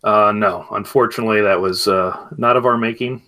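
Bright-voiced man playing at the table. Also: lowish voice, fairly even intonation, brisk. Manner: hesitant, filler-heavy, wry. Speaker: player. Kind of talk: playing a character in a tabletop game.

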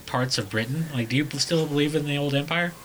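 A man's voice: fairly high pitch, fairly quick, a bit bright, slight background noise, rough recording. A man on a podcast who cuts in with teasing, dry remarks. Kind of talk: casual podcast chat.

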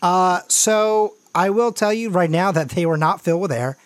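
A man's voice: high-pitched, moderate pace, no room sound. A man narrating a tabletop role-playing game as game master, in loose, filler-heavy talk.

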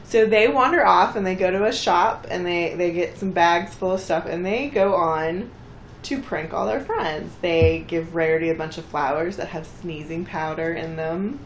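Casual woman co-host, lower voice, roomy sound, acts out quotes. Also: moderate pace, a little hiss or hum. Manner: chatty, acts out characters' lines with bursts of pitch. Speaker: podcast co-host recapping an episode. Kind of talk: casual chat.

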